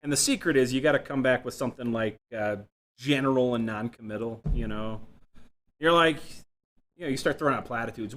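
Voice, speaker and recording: Guy doing a dev talk, bright voice, jokey self-deprecating stories. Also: mid-range voice, fast talker. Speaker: conference speaker. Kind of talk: tech talk with anecdotes. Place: room without a live audience.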